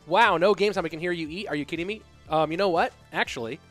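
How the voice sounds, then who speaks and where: A man's voice: on the high side, expressive, fast talker, a bit bright, faint music behind. A man hosting a live stream, rambling and joking casually as he talks straight to his viewers from his home setup. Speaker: stream host and caster.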